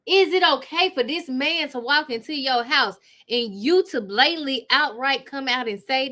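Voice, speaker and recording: A woman hosting a live reaction commentary from her home, laughing loudly and talking straight to her viewers. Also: high-pitched. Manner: loud laughing, animated, talks to viewers. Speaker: commentary host.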